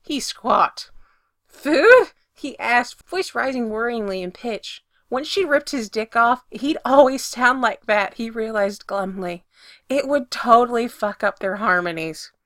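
Reading a story a little slowly, a woman with a bright, slightly high voice narrates expressively, building up whenever the action heats up. The audio is dry and close-miked with no room sound.

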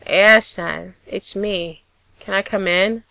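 A woman voicing a guarded middle-aged father who speaks gently and tentatively. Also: medium pitch, steady tone, takes it slowly, creaky, no room sound, exaggerated voice.

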